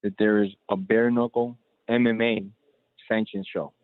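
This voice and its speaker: A man's voice: fairly low pitch, steady tone, moderate pace, no room sound. A man calling in as a guest fight promoter, talking loosely and candidly with many fillers, over a tinny phone line. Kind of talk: casual phone interview.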